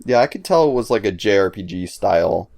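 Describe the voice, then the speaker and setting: An easygoing man with a lowish voice, co-hosting a casual podcast. His voice sounds dry and close, and he talks in a hesitant, relaxed way. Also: a little fast, creaky, no echo. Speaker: podcast co-host. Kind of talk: casual chat.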